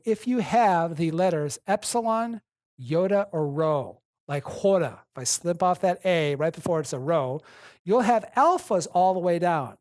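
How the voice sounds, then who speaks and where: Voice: medium pitch, a little mellow, no echo, clean studio sound. Methodical lecturer drilling Greek noun endings. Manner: methodical, spells out and repeats paradigms. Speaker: Greek teacher. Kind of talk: classroom lecture.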